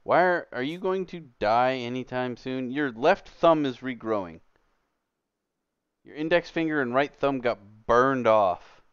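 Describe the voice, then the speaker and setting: A man's voice: medium pitch, lively intonation, measured pace, clear, resonant tone, dry recording. A man streaming a game who rants in an exasperated, emphatic casual way from his computer, on a dull lo-fi recording. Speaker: gaming streamer. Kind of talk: casual ranting commentary while gaming. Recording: dull lo-fi dry sound.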